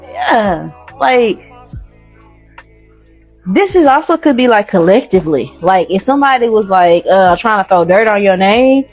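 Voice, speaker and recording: A woman's voice: medium pitch, sing-song, measured pace, soft background music. A woman doing a casual tarot reading, blunt and slangy, swearing freely. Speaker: tarot reader.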